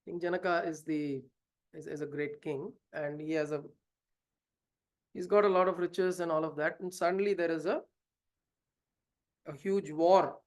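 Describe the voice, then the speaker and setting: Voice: medium pitch, steady tone, moderate pace, long pauses. Teacher walking thru a scripture story, lots of uh and restarts, keeps asking the class questions. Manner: asks rhetorical questions, storytelling; hesitant, with fillers and restarts. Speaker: spiritual teacher. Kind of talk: scripture lesson told as a story.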